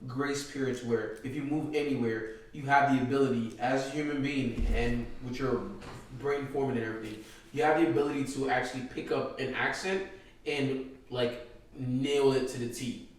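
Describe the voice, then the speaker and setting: A man from Nigeria talking loudly and animatedly in a casual podcast chat, heard a bit off-mic. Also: mid-range voice, moderate pace, recorded from a distance, slight background noise. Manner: loud, animated, laughing storyteller. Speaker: podcast co-host. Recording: roomy echo, voice a bit off-mic.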